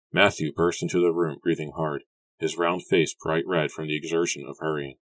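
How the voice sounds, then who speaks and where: A man narrating an audiobook in an even, steady storytelling manner. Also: rumbling low, normal speed, dry recording. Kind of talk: scripted narration.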